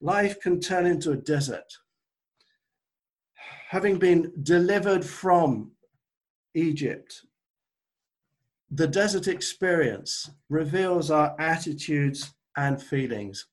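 A man's voice: on the high side, lively intonation, slow, pauses often. A man preaching a sermon over a video call, earnest and conversational, recovering from an illness. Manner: earnest, conversational preaching with self-deprecating asides. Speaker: pastor.

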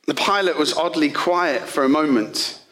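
A man delivers a sermon in a casual storytelling manner. His voice sits high for a man and sounds bright and forward. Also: normal speed. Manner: conversational storytelling. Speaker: preacher.

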